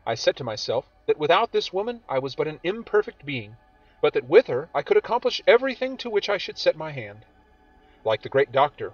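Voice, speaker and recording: A man narrating a horror story in an expressive, dramatic reading. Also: a little high, no echo. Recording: dull audio with faint music.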